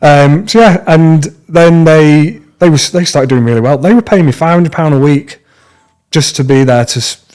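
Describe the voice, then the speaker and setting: A young British man, a podcast guest, telling stories in a casual, slangy, animated way. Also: a little high, normal speed, clean tone. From Britain. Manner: animated, slangy, acts out dialogue in lively bursts. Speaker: podcast guest, tattoo artist. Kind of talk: casual storytelling.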